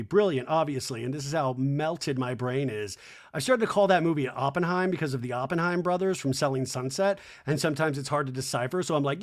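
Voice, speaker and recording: A man hosting a comedy podcast, recapping a reality show in a casual, animated way and mimicking the cast in quick put-on voices. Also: on the high side.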